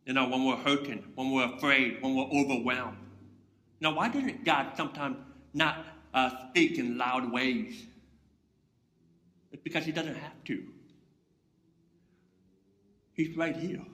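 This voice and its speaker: A man preaching a sermon with a bright, sharp tone and a fairly high voice. He talks slowly and deliberately, moving between loud proclamation and soft, hushed near-whispers. The room around him is echoey. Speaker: pastor.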